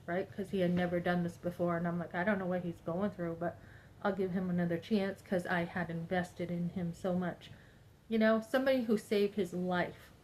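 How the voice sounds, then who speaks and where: A woman's voice: fairly low pitch, darkish tone, a little hiss or hum, low-quality recording. A woman in her fifties talking to her viewers in a personal monologue. She sounds upset and speaks emphatically, rambling and acting out what other people said. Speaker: vlogger.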